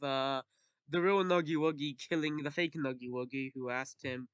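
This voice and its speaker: A man's voice: medium pitch, steady tone, unhurried, fairly bright tone, clean tone, no echo. A man rambling crudely as he narrates his homemade comedy animation.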